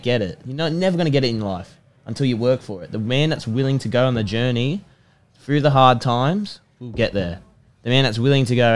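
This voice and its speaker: A man's voice: fairly low pitch, fast. A young man, a podcast guest giving an emphatic, repetitive pep talk. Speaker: podcast guest, personal trainer and rugby player. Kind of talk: motivational casual chat.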